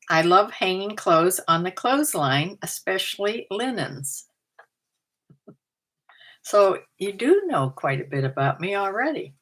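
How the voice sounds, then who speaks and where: A woman's voice: lowish voice, a bit bright. An older woman vlogging at home, chatting through a numbered list about herself and often laughing at her own remarks. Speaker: vlogger and part-time reseller. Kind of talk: casual chat to camera, going through a numbered list.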